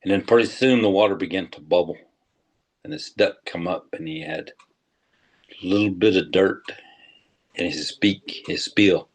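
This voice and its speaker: Very deep-voiced older man telling legends. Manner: slow, deliberate, with pauses. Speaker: tribal historian. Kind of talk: storytelling talk.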